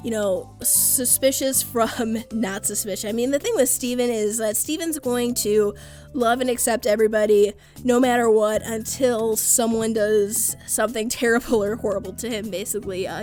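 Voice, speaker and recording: Young woman, lightly high-pitched, casual chatty reviewer, faint music bed. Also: darkish tone. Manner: chatty, laughs often, quotes characters loosely. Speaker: cartoon reviewer. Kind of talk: casual recap and opinion.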